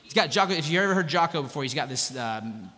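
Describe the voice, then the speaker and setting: A man preaching a sermon as pastor, animated and conversational, with jokes and asides. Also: fairly high pitch, fast talker, in a large hall.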